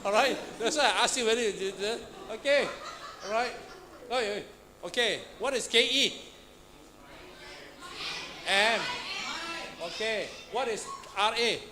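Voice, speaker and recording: In a church classroom, a Pathfinder instructor with a high-pitched voice speaks unhurriedly, leaving long pauses. He questions his students with frequent "huh?" and "all right," recorded amid room noise.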